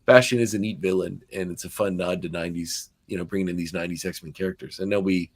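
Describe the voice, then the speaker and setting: Deep-voiced and breathy, a Canadian man hosts a laid-back podcast in a Nova Scotian accent, talking fast in a steady tone. His talk rambles, with plenty of fillers and false starts.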